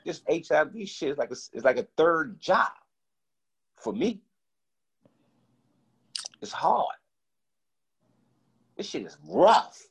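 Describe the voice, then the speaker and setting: Man, gravelly husky voice, animated profane storytelling, acts out every voice. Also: on the high side, takes it slowly, pauses often. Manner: animated, profane, acts out both sides of conversations. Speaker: guest. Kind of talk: casual storytelling.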